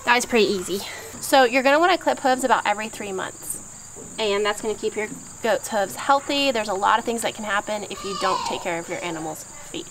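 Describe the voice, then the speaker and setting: A woman's voice: medium pitch, animated, a little fast, noisy background. A woman vlogger giving a practical step-by-step how-to talk outdoors on a farm. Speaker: homesteading vlogger. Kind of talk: casual how-to explanation.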